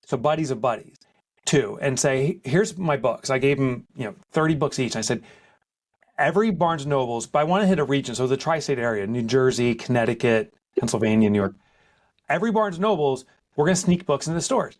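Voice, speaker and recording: A man's voice: medium pitch, a little fast. A man, a podcast guest telling a story with lots of life and acting out the people in it. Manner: lively, acts out other people in quoted voices. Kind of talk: animated storytelling in conversation. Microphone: podcast microphone.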